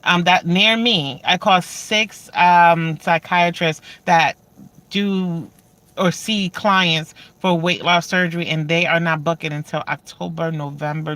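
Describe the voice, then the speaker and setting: A woman's voice: on the low side, pushed and bright. Blunt, profane woman vlogging. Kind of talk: casual talk to camera.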